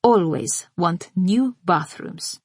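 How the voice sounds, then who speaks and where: A woman narrator voicing a rattled young woman, speaking in slow, emphatic, broken phrases. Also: lowish voice, expressive, slightly rough, no echo, studio quality, heavily acted. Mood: tense. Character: tense, rattled young woman friend of the victim.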